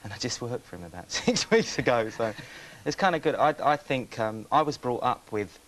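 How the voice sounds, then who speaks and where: A man's voice: mid-range voice, animated, normal speed, fairly bright tone, rough recording. A man, a television guest chatting casually in a rambling, self-interrupting way. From England. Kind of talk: casual chat. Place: breakfast TV studio. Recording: faint hiss from old VHS tape.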